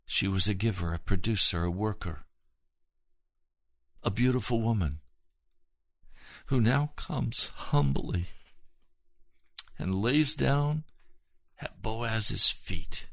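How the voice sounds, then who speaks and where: Gravelly-voiced man preaching earnestly. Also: on the low side, slow pace, long pauses, no echo. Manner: earnest, swings between hushed and emphatic. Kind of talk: sermon.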